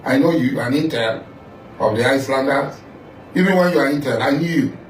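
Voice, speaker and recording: A Nigerian man with a medium-pitched voice speaks fairly quickly, sounding echoey and distant. He's a political figure in a confrontational monologue, accusing and repeating himself while addressing the listener directly. The room echoes, he's far from the mic, and faint music plays.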